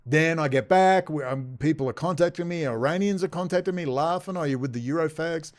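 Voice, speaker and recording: A man's voice: on the high side, fairly quick. Profane man, rambling. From Australia. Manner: profane, agitated, digressive. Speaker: vlogger. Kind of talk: rambling casual storytelling.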